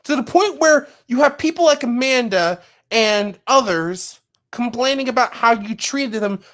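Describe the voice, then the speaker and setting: A woman's voice: fairly high pitch, expressive, a little slow. A woman in a voice chat, speaking in an impassioned, lecturing way and piling up repeated questions. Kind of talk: heated voice chat confrontation.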